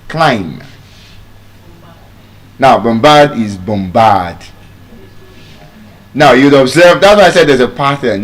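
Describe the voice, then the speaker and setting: A man with a Nigerian accent teaching English pronunciation, drilling words by repeating them. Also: mid-range voice. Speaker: pronunciation coach. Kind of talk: spoken English lesson.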